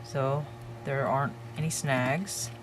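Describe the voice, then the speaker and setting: Low-voiced woman calmly explaining a craft. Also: noisy background. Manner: calm, unhurried, talks while working with her hands. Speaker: crafting tutorial host. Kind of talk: step-by-step craft demonstration.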